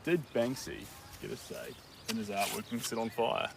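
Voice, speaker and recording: A man chats on a live stream as he paints, rambling and joking while he thinks aloud. His voice sits low, and he is picked up from some distance by the mic. Outdoor sounds, with birds and a rural backdrop, come through clearly behind him. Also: very animated, moderate pace, noisy background.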